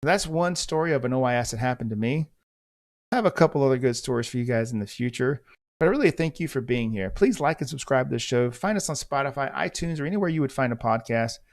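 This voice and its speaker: With a medium-pitched voice, he speaks quickly and with animation. He's a middle-aged American who used to be a police officer and now hosts a podcast. His story comes as a monologue, intense, blunt, and laced with profanity.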